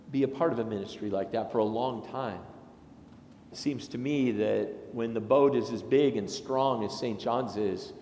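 A man, a pastor, delivering a sermon in a chatty, anecdotal way with lively asides. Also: mid-range voice, slight background noise. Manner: conversational and anecdotal, with animated asides. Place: large church sanctuary. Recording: echoey sanctuary with long reverb.

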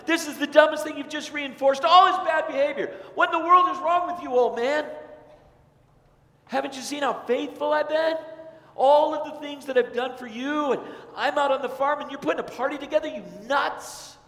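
A man's voice: fairly high pitch, expressive, normal speed, close to an everyday voice. A man voicing a resentful, entitled older brother who rants in a whiny, indignant way. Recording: reverberant church hall.

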